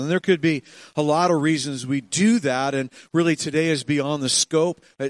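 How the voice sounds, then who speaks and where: A man's voice: a little high, no room sound. Older male pastor, dry close voice. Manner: warm storytelling with soft laughs, swings between hushed and emphatic. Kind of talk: sermon.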